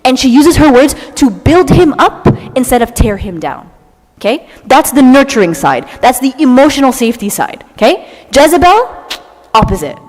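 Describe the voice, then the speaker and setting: A young woman giving an animated, dramatic talk to a church audience, often tagging her lines with "okay?". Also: high voice, moderate pace. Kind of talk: lively talk to a live audience. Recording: long hall reverb.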